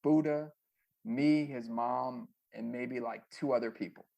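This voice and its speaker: Gravelly man telling rambling stories. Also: medium pitch, measured pace. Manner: rambling, animated anecdotes with many fillers. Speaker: guest, former music manager. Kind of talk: casual storytelling interview.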